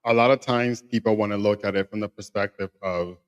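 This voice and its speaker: A man with a fairly low voice tells a personal story on a podcast. He is animated and emphatic, and he repeats phrases to drive his point home. The talk is casual and conversational. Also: fairly quick, smooth. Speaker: podcast co-host.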